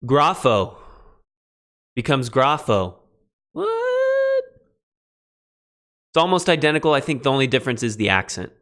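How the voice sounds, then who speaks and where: A man teaching a beginning Greek lesson on a livestream, relaxed and self-deprecating, spelling words out letter by letter. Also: medium pitch, racing, hardly any pauses, smooth. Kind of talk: livestreamed lecture.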